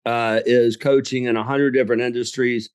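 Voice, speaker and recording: Folksy Southern man with a smooth voice. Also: medium pitch, flat delivery, moderate pace, dry recording. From southern Alabama. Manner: folksy, jokes and laughs at own stories. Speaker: guest, business coach and author. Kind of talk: storytelling interview.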